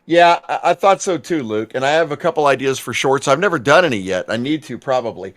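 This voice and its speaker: A man in his forties, talking in an easygoing, agreeable way as he co-hosts a podcast. He chats casually over a call, with an even, mid-pitched voice. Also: a little fast. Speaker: podcast co-host. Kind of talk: casual chat.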